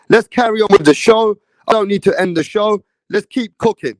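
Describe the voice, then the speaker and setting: A man's voice: high-pitched, moderate pace, no echo. A man from England, hosting a casual live boxing chat stream and reading viewer messages. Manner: casual, chatty, slangy, keeps addressing viewers. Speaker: boxing show host.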